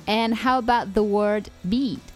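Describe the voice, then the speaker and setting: A woman's voice: medium pitch, steady tone, measured pace, a little mellow, soft background music. A woman hosting a podcast, reading a scripted English-lesson dialogue in a cheerful, teasing way and laughing often. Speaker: podcast host.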